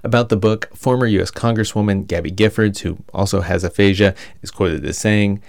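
A male reporter reading scripted narration in a measured way. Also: lowish voice, steady tone, creaky, dry recording, studio quality. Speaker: radio reporter.

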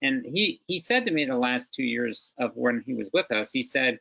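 A man speaking as a panel guest on a webinar, talking in an animated, conversational way. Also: mid-range voice, normal speed, vocal fry, hardly any pauses, dull audio. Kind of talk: webinar discussion.

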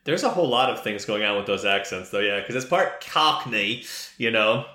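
A man co-hosting a podcast, talking over a movie. His voice is bright and swings lively up and down as he muses and laughs, and the room gives it a noticeable echo. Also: fairly low pitch, moderate pace. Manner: lively, laughs often, musing. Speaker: podcast co-host. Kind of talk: casual movie commentary.

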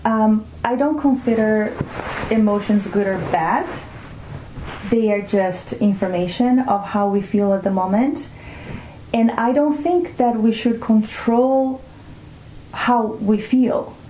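A woman from Brazil, a mindfulness teacher calmly explaining emotions in an interview and slowing down to stress her points. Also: a little high, slight background noise. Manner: calm, reflective, often slows to stress words. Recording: roomy echo.

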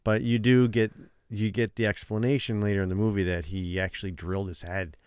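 Low-voiced man chatting casually. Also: flat delivery, fairly quick, darkish tone, clear, resonant tone, no echo, studio quality. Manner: rambling, lots of "like" and restarts. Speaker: podcast co-host. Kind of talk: casual chat reviewing a movie.

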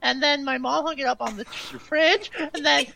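A woman's voice: high-pitched, moderate pace, creaky, a crowd in the background. A woman putting on the voice of a chattering young child who rambles on in run-on sentences about toys. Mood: boastful.

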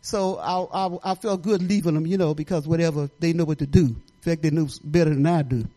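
A woman's voice: low voice, steady tone, a little fast, dark tone. An older woman giving a rambling, chatty testimony at church, often laughing and restarting her sentences.

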